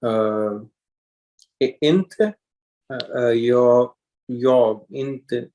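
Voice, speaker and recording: A man's voice: mid-range voice, extremely slow, mellow, low-quality recording. A man learning a language in a one-on-one lesson, hesitant and full of fillers as he repeats after his teacher. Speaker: language student.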